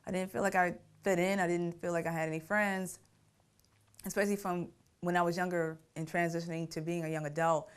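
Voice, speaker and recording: Middle-aged woman looking back on her family life in an interview, laughs at the hard parts, lowish voice. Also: flat delivery, brisk, clear, resonant tone. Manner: reflective, laughs while telling painful memories. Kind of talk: personal storytelling.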